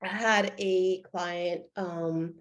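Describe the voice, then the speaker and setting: A woman's voice: fairly low pitch, fairly even intonation, very slow. A woman presenting an online workshop as a coach, telling a client story and acting out quoted dialogue over a video call.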